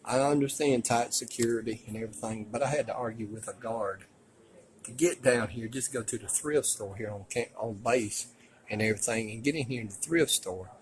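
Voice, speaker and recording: A man narrating casually as he films his walk through a museum, rambling and folksy and quick to complain. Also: mid-range voice, slight background noise, rough recording. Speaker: vlogger touring a museum. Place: indoor museum.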